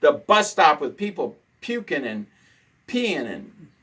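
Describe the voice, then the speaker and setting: A man's voice: a little high, sing-song, slow, fairly bright tone, breathy edge, low-quality recording. A man hosting a casual talk show, ranting indignantly and repeating his points for emphasis. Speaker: host.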